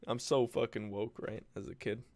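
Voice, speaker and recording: A man's voice: lowish voice, fairly even intonation, moderate pace, darkish tone, no echo. A young man hosting his own podcast, telling childhood stories in a loose, joking way, calling the listener bro and mimicking the people in his stories. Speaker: podcast host and content creator. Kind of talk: casual solo podcast storytelling.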